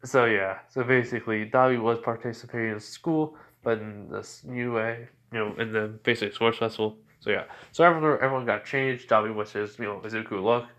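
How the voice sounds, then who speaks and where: A man's voice: fairly low pitch, steady tone, fairly quick, hardly any pauses, a bit bright. A man casually retelling a fan story, rambling with lots of fillers and restarts.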